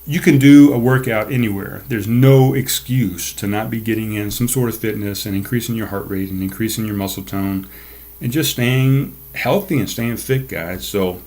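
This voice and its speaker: A man's voice: fairly low pitch, moderate pace, a little mellow. A man hosting a solo podcast from his desk, ranting in a fired-up, profane way into a desk microphone. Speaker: podcast host. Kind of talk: casual solo podcast monologue. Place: seated at a desk.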